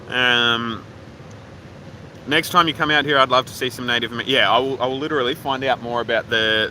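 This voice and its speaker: With a medium-pitched voice that sounds pushed and bright, an Australian man rambles offhandedly and swears freely on a phone livestream, reading viewers' comments. He is outdoors at a waterfall park, and the low-quality audio has a little hiss or hum.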